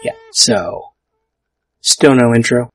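A man's voice: medium pitch, lively intonation, slow pace, fairly bright tone, slight background noise. A man hosting his own podcast solo, talking casually and tripping over his own words with self-mocking humor. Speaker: podcast host.

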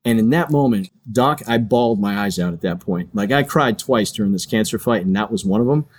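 A man's voice: on the low side, lively intonation, a little fast. A middle-aged man, a retired pilot and chaplain, earnestly telling a personal story as an interview guest.

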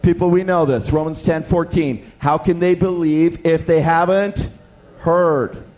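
A young man preaching a sermon, telling stories with lively acted-out voices. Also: fairly high pitch, a little slow, faint music behind. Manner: animated storytelling, acts out voices. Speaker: pastor.

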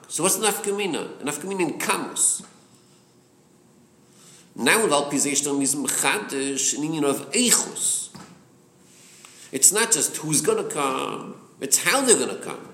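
Animated man leading a Torah class. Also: on the high side, unhurried, slight background noise. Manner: animated, poses and answers his own questions. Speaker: class leader. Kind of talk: Torah study class discussion. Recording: roomy echo.

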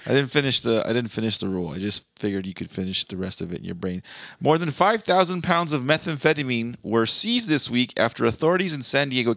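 A man's voice: mid-range voice, sharp tone, no echo, clean studio sound. A man co-hosting a casual comedy podcast, joking around and reading mock news stories. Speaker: podcast co-host.

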